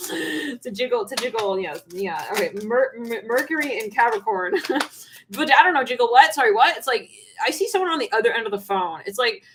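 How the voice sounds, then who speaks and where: A woman's voice: mid-range voice, fairly bright tone, slight background noise. A woman giving a channeled tarot reading on a livestream, rambling and laughing often. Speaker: tarot reader.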